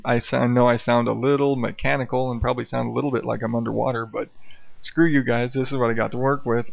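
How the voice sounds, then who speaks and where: A man's voice: medium pitch, gravelly, dry recording, highs cut off. A man hosting his own podcast alone, rambling, swearing and joking at his own expense, recorded late at night at home through an old karaoke mic. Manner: rambling, profane, self-mocking. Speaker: podcast host. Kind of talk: casual solo podcast rambling. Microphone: old dynamic karaoke microphone.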